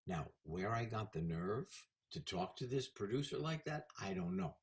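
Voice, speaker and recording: A man in his seventies, a guest in a casual interview, telling animated stories about his career. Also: lowish voice, normal speed, few pauses. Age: 70s. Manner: animated anecdotal storyteller.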